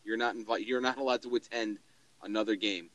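Excitable, emphatic man who swears freely. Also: lowish voice, a little fast, no room sound, poor audio. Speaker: podcast co-host. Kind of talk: casual sports podcast chat.

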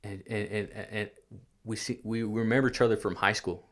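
A man casually telling his faith testimony, halting and repeating words, acting out what people said. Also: fairly low pitch, fairly even intonation, fairly bright tone. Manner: halting, repeats words, acts out quoted speech. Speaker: guest sharing his testimony. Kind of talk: casual storytelling conversation.

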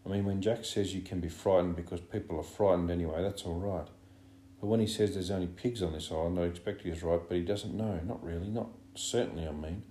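A rambling boy who hedges every point, voiced by a man reading aloud. The voice stays low and dark, close to the reader's own. The room is roomy, with a faint hum. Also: steady tone, brisk, natural voice. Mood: earnest. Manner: rambling, hedging speech. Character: rambling, earnest boy, unsure.

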